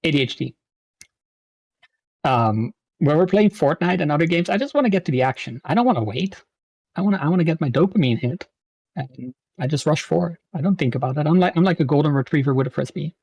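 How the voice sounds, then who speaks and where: A man in his thirties, a streamer guest, telling stories in a lively way with frequent laughs. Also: fairly high pitch, creaky, no room sound. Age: 30s. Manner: animated storytelling, quick laughs. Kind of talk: casual interview chat.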